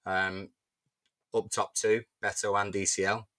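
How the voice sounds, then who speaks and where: A man co-hosting a football fan chat, reading out predicted lineups in a relaxed, stop-start way. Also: fairly low pitch, unhurried, no echo. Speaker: podcast co-host.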